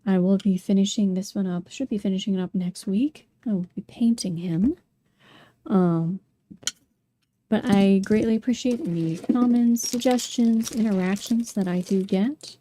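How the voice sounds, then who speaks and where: A woman's voice: medium pitch, moderate pace, mellow, slight background noise. A young woman talking casually while sculpting at home, chatty and apologetic, with plenty of fillers and an occasional hiccup. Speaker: sculpting vlogger.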